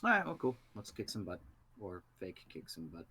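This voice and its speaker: A man's voice: low-pitched, wildly swooping pitch, pushed and bright, breathy edge. A man playing a tabletop game, chatting casually and joking. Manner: joking, quick. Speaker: player. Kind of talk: casual chat.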